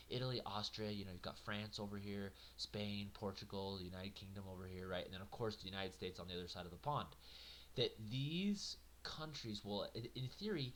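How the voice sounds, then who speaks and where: Guy teaching a history class, bright punchy voice, chatty and jokey. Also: on the low side, a little hiss or hum. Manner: conversational, animated, jokey asides. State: yawning, a little tired.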